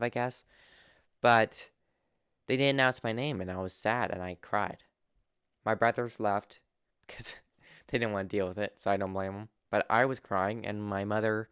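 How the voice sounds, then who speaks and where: A young man telling a personal story in a halting, earnest way, full of restarts and fillers. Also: lowish voice, clean tone, no echo, studio quality. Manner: earnest and open. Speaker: vlogger.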